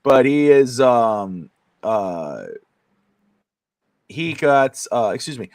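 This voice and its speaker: A man co-hosting a casual sports talk stream, recounting events with excitement and plenty of fillers. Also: medium pitch, drawn-out words, dry recording. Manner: excited storyteller, many fillers. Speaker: sports talk show co-host.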